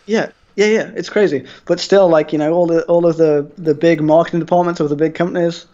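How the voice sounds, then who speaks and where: A man's voice: a little high, fairly even intonation, brisk, dark tone. Rambling man with a dull lo-fi sound. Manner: rambling, full of fillers and restarts. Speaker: podcast guest. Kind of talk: casual chat.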